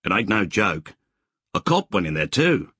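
A man doing rough bushmen. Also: deep voice, measured pace, a bit bright, no echo, clean studio sound, full character voice. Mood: gloomy. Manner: blunt, slangy, gloomy drawl. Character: laconic rough Australian bushman mates, adult men.

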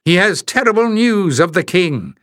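A man puts on a towering warrior woman from a storybook, pitched well above his own voice and booming with contempt. She barks her demands in a dry, close reading, loud and scornful. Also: animated, normal speed, no echo. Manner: roaring, contemptuous.

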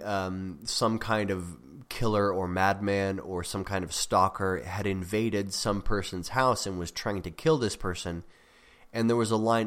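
A man's voice: fairly low pitch, a bit bright. A man hosting a podcast, talking casually about writing craft with fillers and restarts. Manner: conversational, self-correcting with frequent fillers. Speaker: podcast host.

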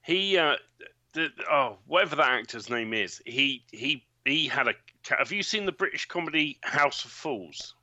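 A man in casual chat, easygoing and halting, recommending a show to a friend. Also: medium pitch, lively intonation, pushed and bright, dry recording. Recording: slightly dull, muffled audio.

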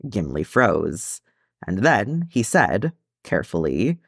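A man reading a story aloud in a calm, even narration. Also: on the low side, measured pace, creaky, no room sound, clean studio sound. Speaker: audiobook reader.

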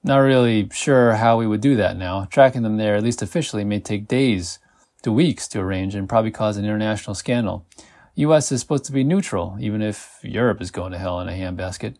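A man's voice: lowish voice, fairly quick, darkish tone, close to an everyday voice. A man voicing a blunt, weary middle-aged FBI agent who talks in a matter-of-fact way. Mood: gruff.

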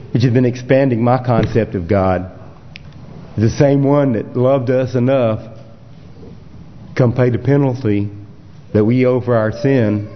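A man speaking in an earnest, reflective way during a church service. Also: mid-range voice. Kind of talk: sermon. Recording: dull lo-fi church recording with long reverb.

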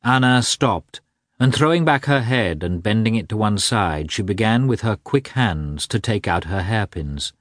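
Deep-voiced man reading a novel. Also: expressive, measured pace, no room sound, clean studio sound. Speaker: audiobook reader. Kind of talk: scripted narration of a classic novel.

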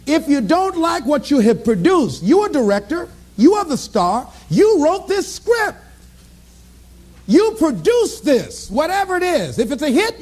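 Male motivational speaker, very high and animated voice, storytelling with shouts. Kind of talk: motivational speech to a live audience.

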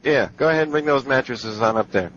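A man with a mid-pitched voice comes through a dull phone line with a faint hiss in the background. He plays a hotel manager, deadpan and falsely soothing as he keeps the guest talking. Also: fast. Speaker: prank caller posing as hotel manager. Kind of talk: prank phone call.

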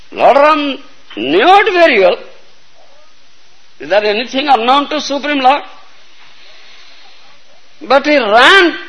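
Slow husky high-voiced male preacher. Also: fairly bright tone, poor audio. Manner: storytelling lecture, repeatedly asking "You understand?". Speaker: spiritual teacher. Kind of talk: sermon.

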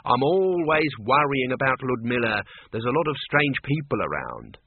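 A man's voice: medium pitch, sing-song, normal speed, slight background noise. A man voicing a plain-spoken older woman medium who talks in a matter-of-fact way in a storybook reading, on a thin, tinny recording.

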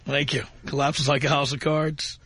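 A man hosting a radio call-in show, brash and mocking with quick comebacks. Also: a little high, little pitch movement, gravelly, sharp tone, slight background noise. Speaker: radio talk show host. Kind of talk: talk radio call-in banter.

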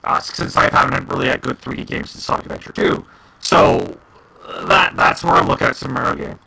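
A man's voice: mid-range voice, very animated, brisk, vocal fry, sharp tone, low-quality recording. A man co-hosting a casual gaming podcast, ranting heatedly and swearing a lot. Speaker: podcast co-host.

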